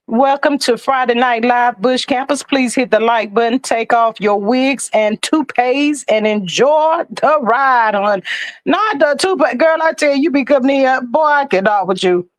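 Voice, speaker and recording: A woman hosting a casual livestream, greeting viewers and reading their comments aloud in a lively, chatty way. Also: high voice, no room sound, low-quality recording. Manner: lively and chatty, with Southern American slang. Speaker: livestream host.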